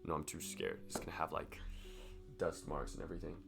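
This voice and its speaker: A young man with a croaky, sick voice, rambling casually and profanely to camera in a fitness vlog. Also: rumbling low, lively intonation, a little fast, music in the background. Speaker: fitness vlogger.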